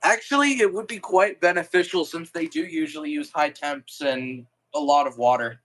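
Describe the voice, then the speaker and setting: A man's voice: on the high side, moderate pace, fairly bright tone, poor audio. A man hosting a livestream, chatting casually in a dry, teasing, matter-of-fact way with plenty of swearing. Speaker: streamer, host.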